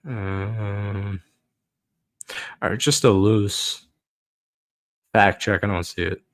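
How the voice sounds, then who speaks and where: A man's voice: lowish voice, fairly even intonation, very slow, fairly bright tone. A young man hosting a football podcast, ranting casually with frustration, swearing and laughing.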